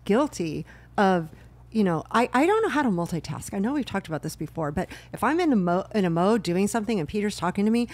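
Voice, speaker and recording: A woman's voice: medium pitch, expressive, fast, darkish tone. A woman co-hosting a podcast in casual chat, retelling everyday scenes and acting out what people said. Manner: chatty, retells everyday scenes with quoted voices. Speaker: podcast co-host.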